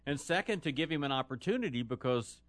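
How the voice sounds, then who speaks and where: A man's voice: mid-range voice, animated, fast talker, no room sound. A man hosting a casual morning radio show, reading items aloud and tossing in jokey asides.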